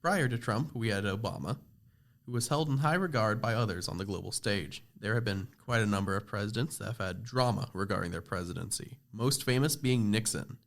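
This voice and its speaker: A man's voice: on the low side, brisk, creaky. A teenage boy narrating a scripted school project podcast, reading steadily with small slips and restarts. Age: teens. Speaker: student presenter.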